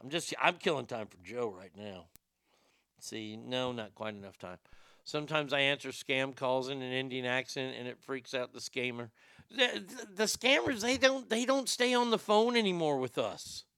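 A man's voice: medium pitch, normal speed, a bit bright, clear, resonant tone, no room sound. A man hosting an internet radio show, rambling through a profane, joking comedy monologue into a studio mic.

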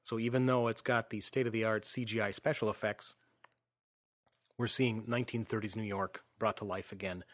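A man in a casual film discussion, speaking in a measured, informative way and steering the talk. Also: on the low side, fairly even intonation, fairly bright tone, dry recording, studio quality. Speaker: co-host.

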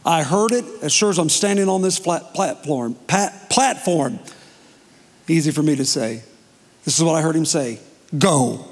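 A man preaching as pastor, telling a personal story emotionally with dramatic pauses. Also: a little high, expressive. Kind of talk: testimony sermon. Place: church sanctuary. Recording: long hall reverb.

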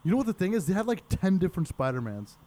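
A man's voice: high-pitched, big pitch swings, racing, dark tone. A young man co-hosting a casual podcast, joking and swearing freely as he riffs on bits. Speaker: podcast co-host. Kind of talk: casual chat.

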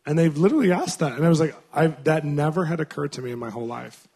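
A man, a Christian minister, telling stories in a sermon in an animated, conversational way. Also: on the high side, quick pace, gravelly, husky. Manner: animated, conversational storytelling with frequent laughs. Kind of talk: storytelling sermon.

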